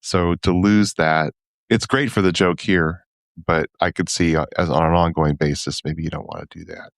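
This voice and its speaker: Deep-voiced thoughtful man, dry mic. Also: animated, moderate pace, no echo. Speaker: podcast co-host. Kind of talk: casual chat.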